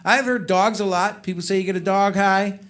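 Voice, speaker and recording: A man doing a stand-up comedy set, telling animated stories and putting on voices for friends. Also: sits high, fairly quick. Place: comedy club stage with live audience. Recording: loud live crowd laughter. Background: audience laughter.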